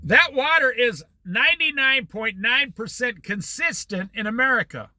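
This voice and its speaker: A man's voice: extremely high pitch, animated, moderate pace, bright, forceful tone, dry recording. A man giving a motivational talk in a folksy way, repeating his points for emphasis. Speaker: speaker.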